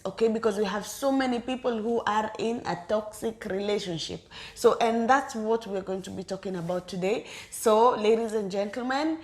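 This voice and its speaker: A woman co-hosting a relationship talk with her partner, speaking directly to viewers in a chatty, repetitive way. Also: medium pitch. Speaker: co-host of a couple's channel. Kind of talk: casual chat.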